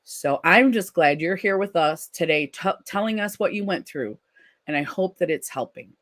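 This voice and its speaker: A live-stream host reading viewer comments aloud in a casual chat and answering gently and supportively, with frequent ums and restarts. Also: medium pitch, animated, moderate pace.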